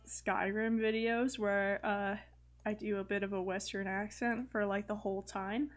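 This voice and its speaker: A woman's voice: mid-range voice, little pitch movement, slow. A young woman casually commenting on her life-simulation gameplay, chatty, with frequent fillers and light laughs. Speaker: gaming video host. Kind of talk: casual let's-play commentary.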